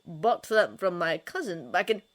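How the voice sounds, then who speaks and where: A woman reading a fanfiction story, voicing a smooth-talking older male ruler who is patient and condescending. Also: fairly low pitch, lively intonation, moderate pace. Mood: evasive.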